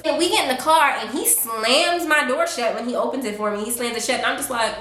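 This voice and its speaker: A woman vlogger telling a story in a casual, animated, sassy way. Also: high-pitched, fairly quick, hardly any pauses. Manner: animated, sassy storytelling with lively acted quotes. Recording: roomy echo.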